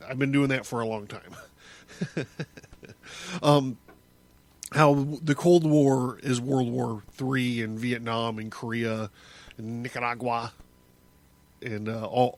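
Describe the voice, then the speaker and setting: A man hosting his own podcast, talking through a casual solo monologue in a rambling way, with many restarts and chuckles. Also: mid-range voice. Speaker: podcast host.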